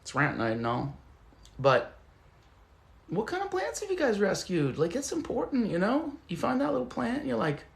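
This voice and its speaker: A man's voice: high-pitched, huge pitch swings, moderate pace, creaky. A young man hosting a casual live stream from home, rambling loosely and swearing as he reads the chat aloud. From Southern California. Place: at home among plants. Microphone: phone.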